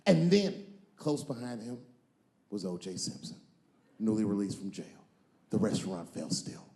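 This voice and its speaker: A male comedian telling a long story on stage, moving between loud punchlines and low, drawn-out asides. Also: very animated, creaky, roomy sound. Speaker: stand-up comedian.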